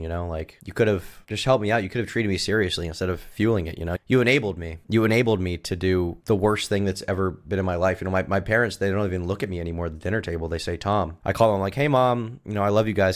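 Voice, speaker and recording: Fast-talking deep-voiced man ranting. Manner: melodramatic, self-pitying, deadpan. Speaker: streamer. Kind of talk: mock-serious livestream rant.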